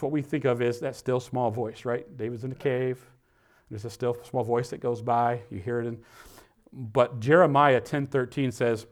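A man delivers a sermon from the pulpit, his voice sitting a little higher than usual for a man. He swings between loud, emphatic declarations and quiet, conversational asides. When he reads scripture he slows down and leans on every phrase. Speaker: pastor.

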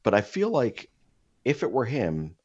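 A man's voice: mid-range voice, huge pitch swings, measured pace, darkish tone, breathy edge, no room sound. A young man telling a rambling, profane story in casual podcast chat, full of fillers and restarts. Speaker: podcast host. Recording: dull lo-fi dry sound.

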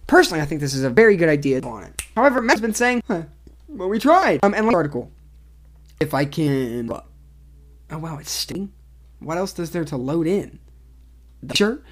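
A woman's voice: deep voice, expressive, moderate pace, long pauses. A young woman hosting a casual solo commentary show, giving blunt opinions and reading articles aloud with rambling asides. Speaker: podcast host.

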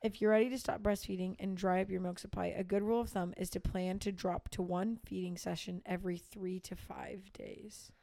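A woman's voice: mid-range voice, steady tone, fairly quick, gravelly, hardly any pauses, mellow, dry recording. A young adult woman co-hosting a casual podcast, chiming in with short reactions and reading things aloud. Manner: reacts with short interjections, reads aloud from phone. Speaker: podcast co-host. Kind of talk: casual chat.

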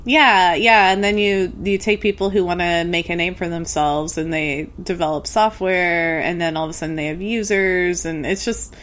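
A woman's voice: fairly low pitch, steady tone, moderate pace, hardly any pauses, fairly bright tone. A woman co-hosting a podcast in casual late-night chat, chatty and full of fillers, laughing often. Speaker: podcast co-host.

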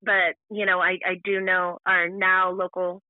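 Woman guest recounting her own past, halting and restarting often; thin phone-line sound. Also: lowish voice, little pitch movement, no echo. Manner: halting, full of restarts and fillers. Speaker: podcast guest. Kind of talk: personal storytelling.

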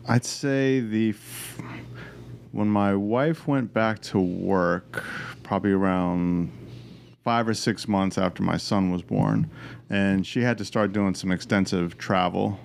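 A father speaking haltingly in casual chat, often restarting his sentences. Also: lowish voice, steady tone, gravelly, slight background noise. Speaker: father of a son.

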